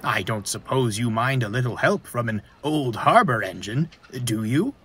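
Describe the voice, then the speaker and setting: A man's voice: mid-range voice, lively intonation, normal speed, loud music behind the voice, close to an everyday voice. A man voicing a kindly, cheerful old male engine in a storybook reading, with a reassuring manner.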